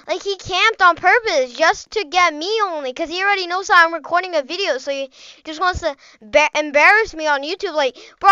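A woman with a high, bright voice chatters excitedly through live gameplay commentary, rambling from one thought to the next. Her voice sits close and dry, with no room sound around it. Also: normal speed, dry recording, dull audio. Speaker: gaming channel host.

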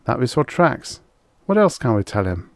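A man's voice: medium pitch, sing-song, normal speed, no echo, clean studio sound, voice pushed up. A man voicing an anxious young male hunter on an alien world, arguing in a tense, urgent way. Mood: worried. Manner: anxious, argumentative.

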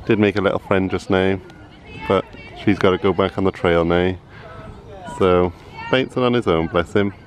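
A man in his thirties speaks in a low voice with fairly even intonation, a moderate pace, and long pauses. He's vlogging casually into a handheld camera as he walks a farm trail outdoors, encouraging his young son.

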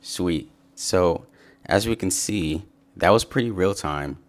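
A man giving a relaxed, upbeat screen-share coding tutorial as a software developer. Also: low voice, takes it slowly. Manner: relaxed, upbeat, says "sweet" and "awesome". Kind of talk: casual screen-share walkthrough.

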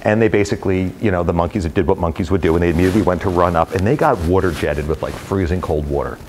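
Telling stories to brokers at an event space in his company's headquarters, this middle-aged real estate executive keeps things casual for the live crowd. His delivery is fast, very low-pitched, energetic and meandering, heavy on fillers, and a light hiss runs underneath.

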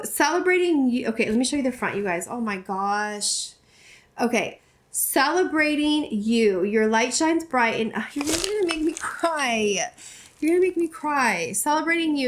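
A woman's voice: on the high side, a bit bright, slight background noise. Gushing chatty woman opening gifts. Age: 40s. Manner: gushing, chatty, many restarts and fillers. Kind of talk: casual unboxing chat to camera.

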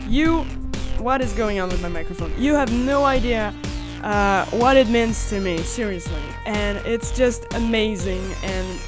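A young woman hosting a horror game let's play, screaming and squealing when scared, swearing, laughing nervously and apologizing to viewers. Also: mid-range voice. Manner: apologetic, chatty outro to viewers. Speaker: gaming channel host.

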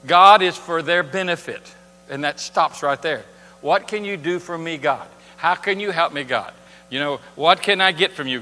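Long reverb from the church hall surrounds a pastor's bright, forceful, higher-pitched voice as he preaches in the sanctuary. He keeps it conversational and asks the congregation rhetorical questions.

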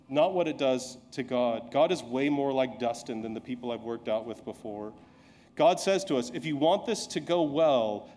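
A man's voice: fairly high pitch, darkish tone. A male pastor preaching a sermon in a conversational, self-deprecating storytelling way, acting out the lines of people he quotes.

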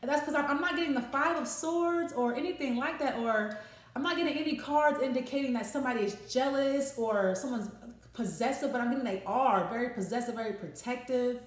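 A woman's voice: sits high, brisk, roomy sound. A woman giving a casual tarot reading, talking freely, swearing and restarting her phrases. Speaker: tarot reader.

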